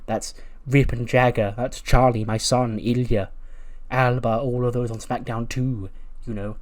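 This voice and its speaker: A man's voice: medium pitch, fairly even intonation, a little slow, natural voice. A man doing a smug older wrestling manager who talks down to everyone around him. The voice stays close to the man's own everyday speech, with only a patronizing lilt to mark it. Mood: condescending. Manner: patronizing, condescending.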